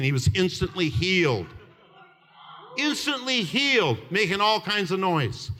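An older man in his seventies delivers a fervent sermon in a high voice. His tone is bright and ringing, and he tells stories with laughter and shouted peaks. The sound carries a long hall reverb. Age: 70s. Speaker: preacher.

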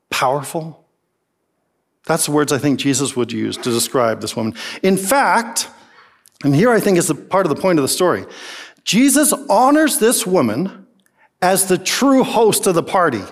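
A man preaching a sermon with a lively, swooping delivery. His voice sits a touch high for a man. He drives his points home with emphatic rhetorical questions. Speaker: pastor.

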